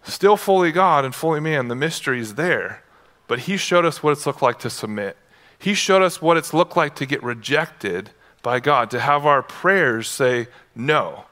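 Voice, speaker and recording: Bright-voiced, conversational man preaching. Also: fairly high pitch, expressive, moderate pace. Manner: casual, conversational preaching with playful asides. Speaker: pastor. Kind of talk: sermon. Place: church.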